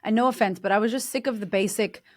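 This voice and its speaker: A woman's voice: mid-range voice, fast talker, no echo, studio quality. A woman guest in a casual interview, a confidence coach who talks bluntly and emphatically, swearing freely.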